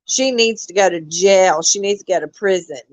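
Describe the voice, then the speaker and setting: A woman's voice: medium pitch, moderate pace, no echo. Angry, profane woman ranting to her stream. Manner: angry, profane, repeats herself, addresses chat as y'all. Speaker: live streamer. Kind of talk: casual ranting live stream. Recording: dull lo-fi dry sound.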